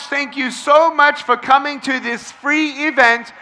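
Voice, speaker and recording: A man's voice: extremely high pitch, steady tone, unhurried, hardly any pauses, sharp tone, slight background noise. A man speaking as a motivational speaker to a large crowd at an outdoor event, emphatic and repeating phrases for the crowd to echo. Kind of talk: addressing a large crowd, call-and-response.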